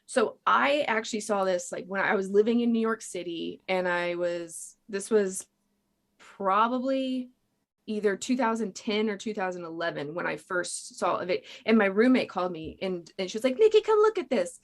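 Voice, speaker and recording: Host: woman, 30s, mid pitch, chatty and meandering storytelling. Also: moderate pace. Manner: chatty, filler-heavy storytelling. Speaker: podcast host. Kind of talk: casual chat.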